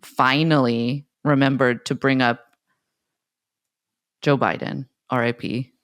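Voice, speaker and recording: A woman's voice: extremely low pitch, slow. Sarcastic profane woman podcaster. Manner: sarcastic, profane, deadpan asides. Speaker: podcast co-host. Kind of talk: casual political chat.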